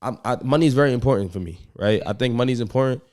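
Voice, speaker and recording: A man's voice: mid-range voice, very fast, a little mellow. A man in his thirties hosting a podcast, chatting casually and animatedly, acting out quotes in playful voices. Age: 30s. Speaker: podcast host. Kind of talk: casual chat.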